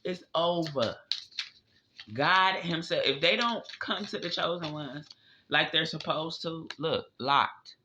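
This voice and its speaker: A man's voice: takes it slowly, noisy background. A man doing a casual spiritual tarot reading, emphatic and profane. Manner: emphatic, profane, drifting pitch. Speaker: tarot reader. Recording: dull lo-fi audio.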